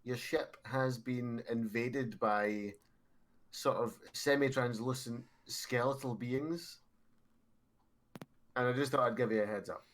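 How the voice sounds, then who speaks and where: A man takes part as a player in a casual tabletop game, speaking plainly and directly in character. His voice sits at an ordinary middle pitch, heard over a streaming mic. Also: slow. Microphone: desk mic, online stream.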